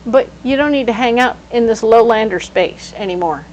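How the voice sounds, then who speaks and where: A woman giving a casual tarot reading, animated and playful, breaking into sudden exclamations. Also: a little high, normal speed, poor audio. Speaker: tarot reader.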